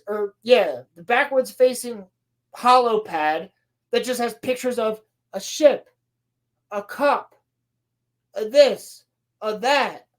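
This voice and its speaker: A woman on a podcast, casually recapping a show with sarcasm and a lot of swearing, slipping into quick playful voices for quoted lines. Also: a little high. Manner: sarcastic, profane, mocking. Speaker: podcast co-host reviewing a TV show. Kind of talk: casual chat.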